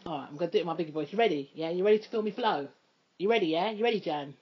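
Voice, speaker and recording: A woman hosting a casual chat, talking quickly and loosely with lots of fillers. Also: fairly low pitch, breathy edge. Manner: chatty, quick, full of fillers like "you know". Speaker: podcast host. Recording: muffled lo-fi recording.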